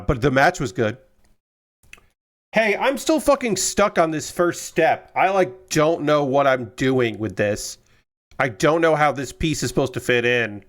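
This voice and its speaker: A man's voice: medium pitch, fairly bright tone. A young man chatting casually on a stream, rambling and exasperated, swearing freely and firing off repeated questions. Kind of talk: casual chat while building a model kit.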